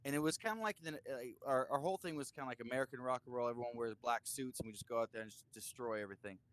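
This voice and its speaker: A man with a mid-range voice races through his stories as a musician guest in a casual interview. Lively and profane, he imitates what others said, leaning heavily on "like."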